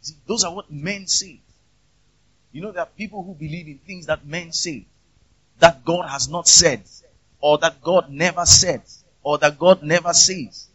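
A man's voice: a little high, normal speed, a bit bright, slightly rough, no room sound. A man preaching a conversational sermon, asking rhetorical questions and acting out the voices of people he quotes. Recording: dull, lo-fi recording.

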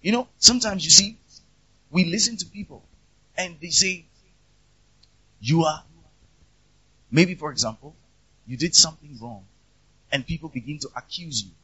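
Man, preacher, sermon, husky, rhetorical questions, dull lo-fi recording. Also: a little high, normal speed, long pauses, bright, forceful tone, no room sound. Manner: conversational preaching with rhetorical questions and quoted voices.

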